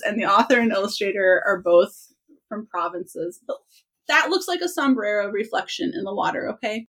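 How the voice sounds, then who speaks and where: A woman's voice: medium pitch, very animated, normal speed, fairly bright tone, low-quality recording. A woman hosting a podcast, chatting enthusiastically about books and laughing often. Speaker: podcast host. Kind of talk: casual book chat.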